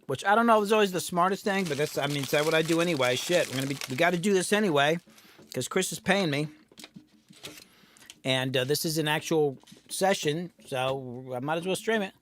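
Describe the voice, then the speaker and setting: A man's voice: a little high, a bit bright, a little hiss or hum. A man hosts a livestream of his recording session, chatting in a loose, rambling way. He sometimes talks with his mouth full and keeps a casual tone. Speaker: music producer streaming a studio session. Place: home recording studio.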